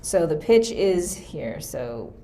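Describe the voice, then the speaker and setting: A woman's voice: deep voice, sing-song, takes it slowly, warm tone, slight background noise. A woman teaching a music theory class in a screen-recorded lesson, casually thinking aloud as she works through an example. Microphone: computer mic for a screen recording.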